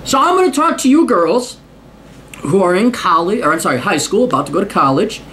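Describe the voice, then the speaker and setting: A worked-up man delivering a profane, sarcastic rant to camera. His pitch swings widely, climbing and dropping with the emphasis. The talk is blunt and scornful throughout. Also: very animated, brisk, fairly bright tone, a little hiss or hum. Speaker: host. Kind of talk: ranting monologue.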